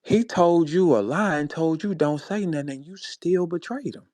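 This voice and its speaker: Fired-up St. Louis rapper, dry close sound. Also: male voice, expressive, normal speed, dry recording. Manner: confrontational, profane, repeats "bro" and "man"; swings between low muttering and loud high outbursts. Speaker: battle rapper addressing a rival. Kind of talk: heated monologue on a live audio space.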